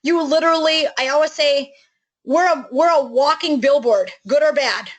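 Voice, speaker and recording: A middle-aged woman giving an enthusiastic, chatty sales pitch for a network marketing business, with many fillers and restarts. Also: normal speed, rough recording.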